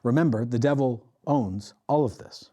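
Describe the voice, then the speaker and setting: A man who is a pastor, preaching an animated sermon that rises loud and drops to quiet intensity, acting out the voices he quotes. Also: medium pitch, moderate pace. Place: church.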